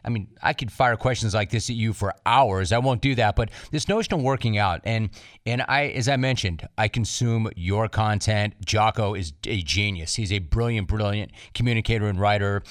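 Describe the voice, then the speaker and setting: A man's voice: on the low side, moderate pace, no echo. Enthusiastic male podcast host, dry sound. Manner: animated, enthusiastic questioner. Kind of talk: casual interview talk.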